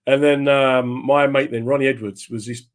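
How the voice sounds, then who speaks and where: A man's voice: mid-range voice, normal speed. A man who is a stand-up comedian, telling comic anecdotes as a guest and slipping into the voices of the people in them. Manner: animated, slips into voices of the people in his stories.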